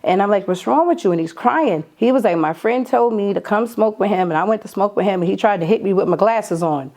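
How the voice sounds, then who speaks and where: A woman's voice: mid-range voice, fairly quick. A middle-aged woman telling stories in an interview as an artist manager, blunt and emphatic, acting out what people said. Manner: animated, acts out quoted lines, blunt and emphatic. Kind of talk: candid storytelling interview.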